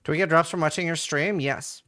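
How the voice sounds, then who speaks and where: A man's voice: on the high side, fairly quick, pushed and bright. A man from Norway, a game streamer, chatting casually and reading his chat aloud with offhand swearing.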